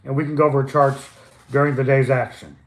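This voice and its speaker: A man's voice: medium pitch, flat delivery, fairly quick, reverberant. An older man casually hosting a live stock chart stream from home, loose and chatty, wandering into stumbles and asides. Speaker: stock chart livestream host.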